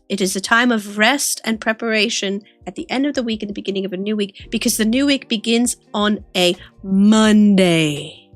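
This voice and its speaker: A woman's voice: mid-range voice, fairly bright tone, dry recording. A woman streamer chatting casually with her viewers while drawing, giggly and teasing. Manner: giggly, playful, teasing banter.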